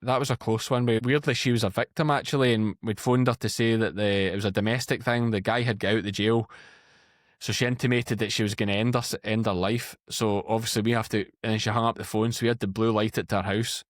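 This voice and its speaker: A man in his thirties with a Scottish accent, a podcast guest telling lively, blunt stories in casual chat. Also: lowish voice, fast, dry recording, studio quality. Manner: storytelling, animated and blunt. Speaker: podcast guest, farmer and former police officer.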